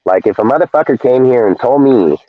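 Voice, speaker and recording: A man's voice: mid-range voice, animated, fairly quick. A man ranting bluntly about pro football pay on a live sports talk show, heavy with profanity and emphatic repeats. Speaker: podcast co-host. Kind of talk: heated sports talk rant. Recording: thin phone-like call audio, dry.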